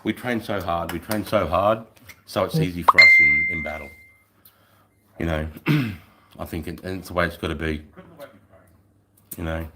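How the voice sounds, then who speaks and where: A man's voice: sits low, normal speed, long pauses, very noisy. A middle-aged Australian man, a former soldier, telling blunt, profane stories in casual podcast chat. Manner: blunt, heavily profane storytelling.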